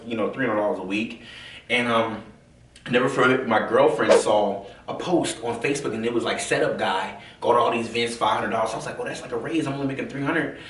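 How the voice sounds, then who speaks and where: A man from the American South telling his own story in a casual, animated way, full of fillers and acted-out quotes. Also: mid-range voice, fast talker, a little hiss or hum. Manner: animated, acts out quoted voices, many fillers. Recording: roomy, from a distance.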